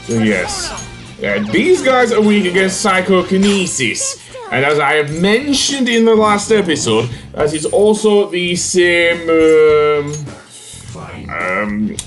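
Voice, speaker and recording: A man's voice: sits high, big pitch swings, slow pace, fairly bright tone, soft background music. A man hosting a let's play, chatting casually over his gameplay with lots of fillers and self-corrections.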